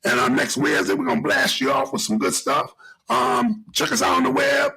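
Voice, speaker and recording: In a casual podcast monologue, the middle-aged host talks briskly, riffing in a preachy, animated style and circling back over what he's said. The voice is high, very husky and gravelly, bright and forceful, with big swings in pitch. Audio quality is poor.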